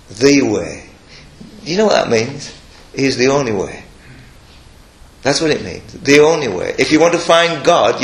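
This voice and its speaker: An older man preaching a sermon, earnest and emphatic, breaking into soft chuckles and restarting his sentences. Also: mid-range voice. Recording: echoey room.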